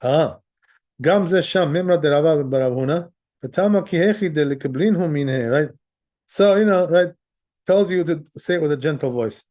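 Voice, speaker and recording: Relaxed male rabbi teaching, conversational and a bit higher-pitched. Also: very fast. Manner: conversational, sprinkles in "right?" and "you know", chuckles often. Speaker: rabbi teaching Jewish law. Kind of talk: casual Torah class.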